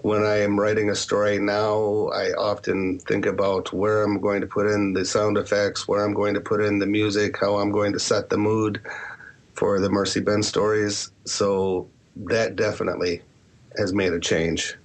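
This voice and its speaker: This author and podcaster, known for horror writing, speaks in a lowish voice with flat delivery at a normal speed. His interview answers are frank and meandering, sprinkled with jokes at his own expense.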